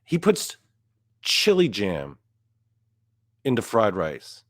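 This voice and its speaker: A young man ranting in a comedic podcast monologue, profane and climbing higher and louder whenever he gets outraged. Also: wildly swooping pitch, slow, no echo, studio quality. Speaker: podcast host.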